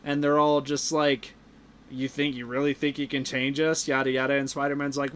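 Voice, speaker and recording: A man's voice: medium pitch, flat delivery, moderate pace, a bit bright. A man hosting a podcast, casually retelling a movie plot with lots of fillers and restarts. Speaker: podcast host. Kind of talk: casual movie review chat.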